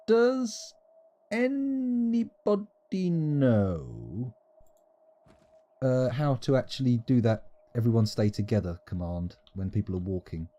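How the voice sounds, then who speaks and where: A man's voice: medium pitch, huge pitch swings, slow, dark tone. A man giving playful, rambling, self-mocking commentary while streaming a game live.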